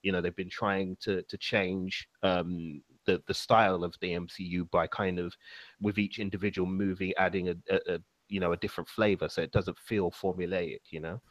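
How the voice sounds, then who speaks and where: A young man hosts a casual podcast chat in a low voice. He talks loosely, with plenty of fillers and easy laughs. The sound is dry and close. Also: normal speed, no room sound. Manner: relaxed, many fillers, laughs easily. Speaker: podcast host.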